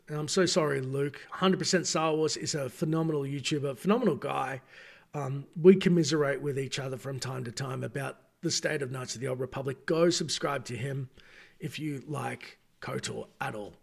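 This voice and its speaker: A man's voice: fairly high pitch, vocal fry, fairly bright tone. A man hosting a late-night gaming live stream, talking to chat in a rambling, chatty way and correcting himself as he goes, tired at this hour. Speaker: gaming channel host.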